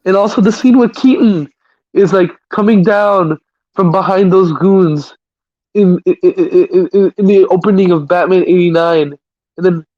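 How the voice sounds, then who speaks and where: A man's voice: high-pitched, a little mellow, dull audio. A man hosting a live stream, chatting casually about movies in a rambling way, often stammering and restarting.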